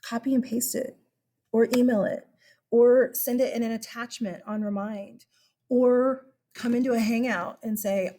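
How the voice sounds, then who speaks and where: A woman teacher walks her students through an online class in a relaxed, chatty way, with plenty of fillers and an upbeat tone. Her voice sits a little high. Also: measured pace. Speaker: high school history teacher. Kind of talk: casual online class instruction.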